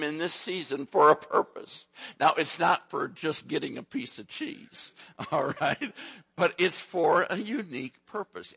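A man's voice: on the high side, vocal fry, a bit bright, slightly rough, dry recording. A man in his sixties preaching a sermon, telling folksy family stories and joking with the congregation. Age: 60s. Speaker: pastor.

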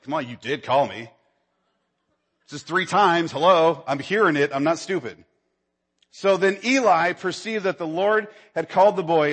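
High-voiced preacher in a reverberant hall. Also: male voice. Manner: conversational preaching, acts out Bible dialogue, rises in pitch when stirred. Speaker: pastor. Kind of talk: sermon.

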